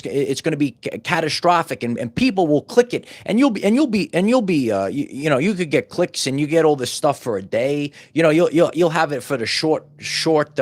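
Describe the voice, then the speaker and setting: A middle-aged man hosting his own channel, preaching in a loose, repetitive monologue full of stumbles and restarts. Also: a little high. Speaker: channel host. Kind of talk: off-the-cuff motivational monologue.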